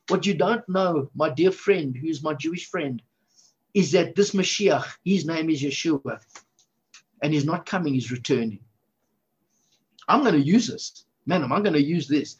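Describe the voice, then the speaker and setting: A fervent, excitable male preacher with a fairly high, husky voice, delivering his sermon in bursts of enthusiasm. The recording is slightly dull and lo-fi. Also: moderate pace.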